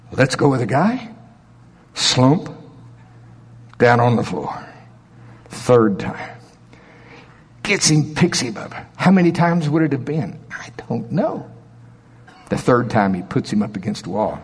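A man preaching a sermon, telling stories with big swings from quiet low murmurs to loud high exclamations. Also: expressive, a little slow, pauses often, husky, big-room sound.

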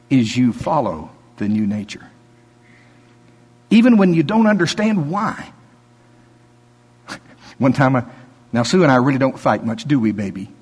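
A man's voice: on the high side, husky, big-room sound. A middle-aged male pastor preaching a sermon, telling folksy stories with laughter and quoted voices.

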